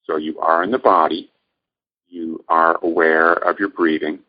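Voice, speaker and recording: Calm male meditation teacher, deep and slow, gently instructive, on a muffled lo-fi recording. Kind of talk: guided meditation lecture.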